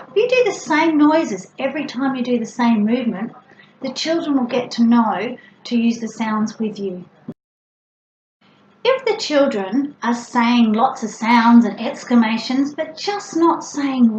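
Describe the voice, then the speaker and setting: A woman's voice: a little high, a little hiss or hum. A middle-aged woman, a speech pathologist, patiently explaining to parents and breaking into exaggerated, playful sound demonstrations. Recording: roomy, slightly dull with faint ambience.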